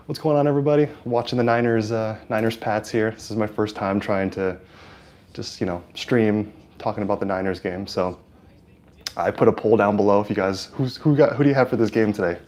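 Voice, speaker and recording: He speaks briskly in a steady, lowish, darkish voice. As a California live-stream host on a lapel mic, he banters with his audience and calls the plays, leaning on fillers and hesitating often, then getting hyped when something happens.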